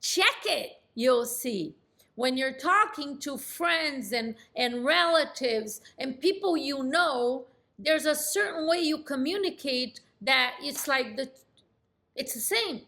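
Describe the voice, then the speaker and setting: A middle-aged woman coaching on sales in an animated, demonstrative way. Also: high voice, takes it slowly, gravelly. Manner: animated and demonstrative, acts out phone calls. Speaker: real estate sales coach. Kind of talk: coaching lesson.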